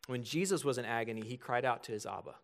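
A man's voice: medium pitch, quick pace. A man in his thirties preaching a sermon as pastor, earnest and building to emphatic points.

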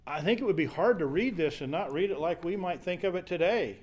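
A man with a high, animated voice teaches Bible study at a fairly quick clip, with slight noise in the background. His explanation of scripture is conversational and paraphrased, full of fillers and restarts as he thinks aloud.

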